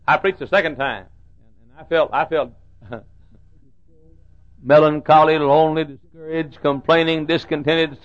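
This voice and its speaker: Older preacher with a high voice. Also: male voice, a bit bright. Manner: humorous storytelling, rhythmic repetition. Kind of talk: sermon. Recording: muffled lo-fi recording.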